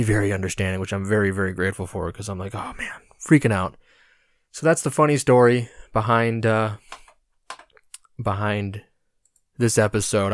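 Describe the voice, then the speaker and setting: A man hosting his podcast alone, spinning a casual story with lively, self-mocking energy and loose swearing. His voice sits a little low, and the recording is close and dry with no room sound. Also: no room sound. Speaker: podcast host.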